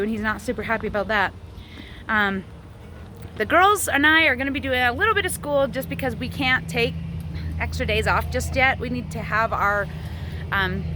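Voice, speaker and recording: A woman's voice: sharp tone, slight background noise. Chatty woman vlogging in her backyard. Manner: chatty, coos high at her chickens. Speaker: vlog host. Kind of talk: casual outdoor vlog. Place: backyard chicken coop outdoors.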